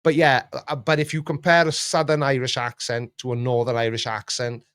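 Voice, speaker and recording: A man hosting a casual chat, rambling and jokey, often jumping up in pitch. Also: little pitch movement, a little fast, a bit bright, smooth, no echo, clean studio sound. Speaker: YouTube reaction host.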